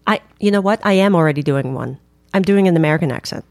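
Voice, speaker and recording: A woman's voice: fairly low pitch, fast, a little mellow, no echo. A woman co-hosting a casual chat with her wife, goofy and giggly, in a punchy mood. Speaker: podcast co-host.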